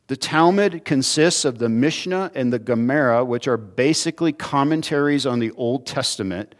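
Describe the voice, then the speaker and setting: A man's voice: medium pitch, normal speed. A man who is a pastor, preaching a sermon in a conversational way and acting out small everyday dialogues. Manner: conversational, acts out little dialogues.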